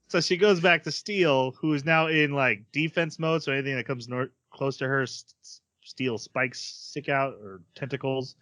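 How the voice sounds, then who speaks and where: A man's voice: medium pitch, measured pace, fairly bright tone, no echo, clean studio sound. A man co-hosting a podcast, casually recapping an anime's plot and quoting the characters' lines. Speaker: podcast co-host.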